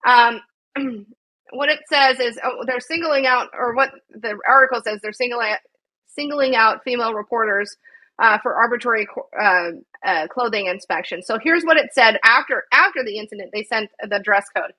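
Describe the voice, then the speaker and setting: A woman's voice: on the high side, moderate pace, sharp tone, poor audio. A woman co-hosting a podcast, recounting a news story in a rambling, indignant way with frequent swearing. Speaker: podcast co-host. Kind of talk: casual news chat.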